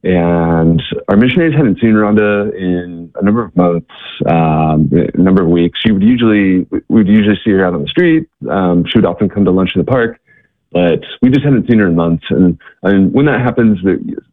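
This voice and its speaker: Low-voiced man on a tinny phone-like line. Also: expressive, no room sound. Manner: halting, with many fillers and repeated words. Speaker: guest, charity worker. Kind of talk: casual interview storytelling.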